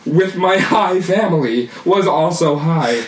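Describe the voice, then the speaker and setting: A man's voice: on the high side, animated, a little slow, a crowd in the background. A man telling a casual story among friends, rambling with lots of fillers and laughing as he goes. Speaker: podcast co-host. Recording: roomy and distant mic with faint noise.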